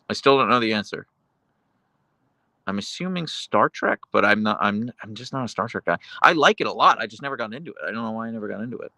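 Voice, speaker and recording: Male streamer, chatty rambler, animated intonation, dry close sound. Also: fairly low pitch, dry recording. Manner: rambling and chatty, with many fillers and self-corrections. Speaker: livestream host reading chat. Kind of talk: casual livestream chat.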